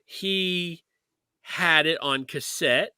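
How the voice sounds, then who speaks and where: A man's voice: on the high side, drawn-out words, pushed and bright, clean tone, dry recording. A man co-hosting a music podcast, talking in a loose, rambling way with many restarts. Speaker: podcast co-host. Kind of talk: casual chat.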